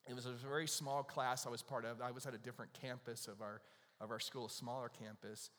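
A man's voice: medium pitch, flat delivery, fairly quick, fairly bright tone. A man preaching a sermon, talking in a conversational, storytelling way and putting questions to the audience. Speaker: pastor. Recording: long hall reverb.

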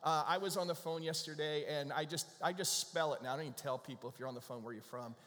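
A middle-aged man preaching in a relaxed, playful way, joking with the congregation. His voice sits a bit high for a man, and a long reverb from the church sanctuary trails every phrase. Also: fast talker. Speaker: pastor. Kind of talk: casual conversational sermon.

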